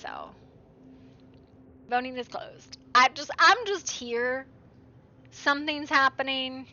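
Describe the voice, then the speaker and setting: A woman's voice: high-pitched, slow pace, long pauses, sharp tone, dull audio. A young woman streaming a game, chatting casually, swearing and reading game text aloud. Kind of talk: game live stream commentary.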